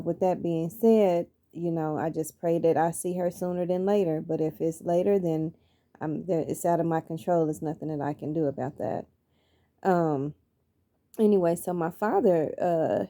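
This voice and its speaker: Woman, middle-aged, personal motivational monologue, repeats lines for emphasis, mellow tone. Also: lowish voice. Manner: earnest, preacherly, repeats phrases for emphasis. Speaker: vlogger sharing her life story.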